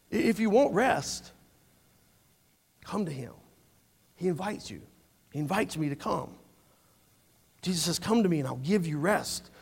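A man's voice: high voice, vocal fry, slightly rough. A man preaches in a church. His delivery is earnest and conversational. He often doubles back on words as he builds his points. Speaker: pastor. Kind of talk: sermon.

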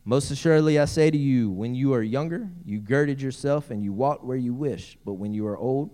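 A man's voice: fairly low pitch, warm tone. A man preaching a sermon as pastor, reading scripture aloud and breaking in with playful asides.

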